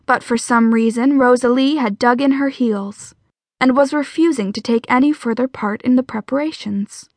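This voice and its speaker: A woman narrating a romance audiobook in a steady, even storytelling voice. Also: fairly high pitch, normal speed, no echo. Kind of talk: scripted narration.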